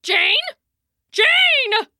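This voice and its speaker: A giddy young male dog from a children's storybook, obsessed with snacks, as a woman puts him on. His voice is very high and bright, with big jumps in pitch. He yells in shouty, overexcited bursts. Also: big pitch swings, unhurried, dry recording, studio quality, heavily acted. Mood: worried calling. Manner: shouty, overexcited, breathless outbursts. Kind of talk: storybook character voice.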